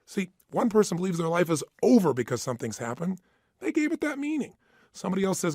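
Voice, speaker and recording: A man's voice: high-pitched, very animated, fairly quick, a little mellow, no room sound, studio quality. A man giving an emphatic motivational talk, acting out the voices in people's heads. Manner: emphatic, acts out inner voices. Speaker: motivational speaker.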